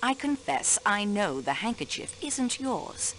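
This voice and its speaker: An actress playing a sharp young female railway clerk questioning suspects in a video game, precise and polite. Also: medium pitch, sing-song, a little slow, slight background noise. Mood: pressing.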